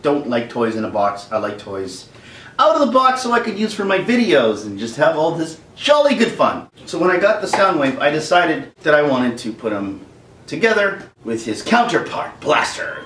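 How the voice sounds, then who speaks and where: Guy doing a toy unboxing vlog, super lively voice, kinda far from the mic. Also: medium pitch, echoey room, a little hiss or hum. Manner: animated, makes sound effects and jokes. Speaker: toy vlogger and comedian. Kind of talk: casual unboxing chat.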